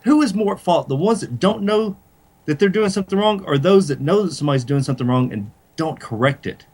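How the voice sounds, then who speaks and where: A man's voice: a little high, expressive, a little fast, a little mellow. A man co-hosting a casual sports radio talk show, blunt and opinionated. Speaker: radio co-host and wrestler.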